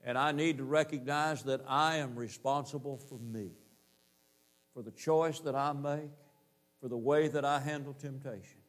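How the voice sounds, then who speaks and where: A man preaching a sermon, emphatic, slowing down to stress key phrases and repeating his points in lists. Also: medium pitch, steady tone.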